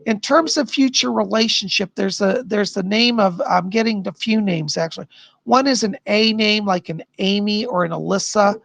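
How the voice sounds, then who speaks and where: A man hosts a live-stream, chatting through viewer questions and relaying spirit messages. His voice is gravelly with heavy fry. It sounds husky and dry, close to the mic. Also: high voice, moderate pace, fairly bright tone, no echo. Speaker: psychic livestream host. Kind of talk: live-stream chat readings.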